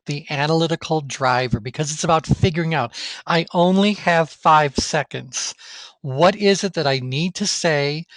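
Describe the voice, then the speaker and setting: A man with a slightly higher voice leads a live online training class. He talks casually, thinks out loud and throws questions to his students, recorded close and dry with no room sound. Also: dry recording. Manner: conversational, thinks aloud with restarts, asks the class questions. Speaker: course instructor.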